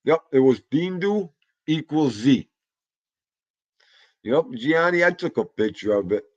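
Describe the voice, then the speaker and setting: A man's voice: a little high, lively intonation, a little slow, a little mellow, lo-fi sound. A man, chatting casually and jokingly in a rambling way while talking to his dog. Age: 50s. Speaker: vlogger. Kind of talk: casual chat.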